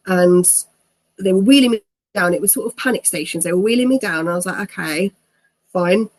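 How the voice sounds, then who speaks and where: A woman, telling her own story as an interview guest. Her voice is husky, her pitch sits mid-range for a woman, and she talks in a chatty, easygoing way. She laughs often and acts out the lines other people said to her. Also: fast, a little mellow. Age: 30s.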